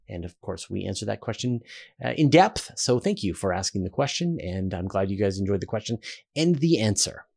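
A man with a Canadian accent hosting a relaxed question-and-answer show, talking casually with fillers and restarts. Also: mid-range voice. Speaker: host. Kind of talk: casual Q&A talk.

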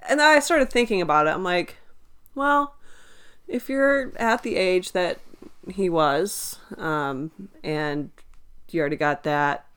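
A woman's voice: on the low side, takes it slowly, clear, resonant tone. A woman co-hosting a podcast in casual chat, telling stories at an easy pace and laughing along. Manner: relaxed storytelling, laughs along. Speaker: podcast co-host.

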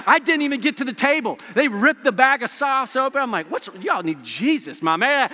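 A pastor in his thirties preaching a sermon, telling stories energetically with quick quoted asides. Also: very high-pitched, expressive, bright, forceful tone. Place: church auditorium. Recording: echoey hall.

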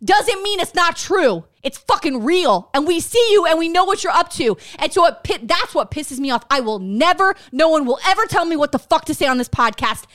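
Very high-voiced woman podcast host, angry and profane. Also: animated, brisk, hardly any pauses. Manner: profane, furious, shouting at times. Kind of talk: heated political rant.

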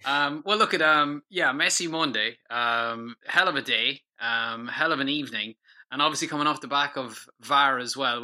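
A man hosting a casual football podcast, chatty and quick to laugh. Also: mid-range voice, bright, forceful tone. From Ireland. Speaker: podcast host.

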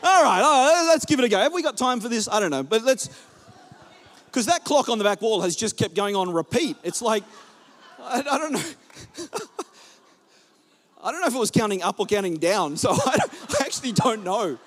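Animated, high-voiced man preaching a sermon. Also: brisk. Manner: animated preaching that leads the congregation. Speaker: pastor. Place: church hall with a congregation.

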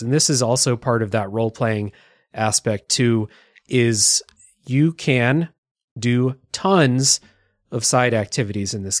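A man hosting a podcast, casual and relaxed, who keeps handing questions to his guests. He is at a middle pitch, and the recording is dry and close. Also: no room sound. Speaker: podcast host. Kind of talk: casual chat.

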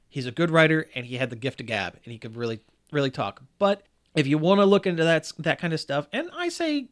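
A man hosting a casual podcast chat, telling stories with lively enthusiasm and plenty of fillers. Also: a little high.

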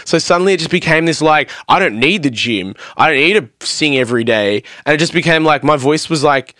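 A man's voice: medium pitch, no echo, studio quality. A young man, a podcast guest telling rambling, sweary stories about his singing career. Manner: rambling, sweary, animated storytelling. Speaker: podcast guest, vocalist and producer. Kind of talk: casual podcast chat. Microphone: studio mic on a stand.

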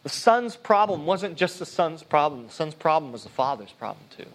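A man's voice: on the high side, very animated, moderate pace. A man preaching a sermon as pastor, earnest and conversational, often restarting his sentences. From United States.

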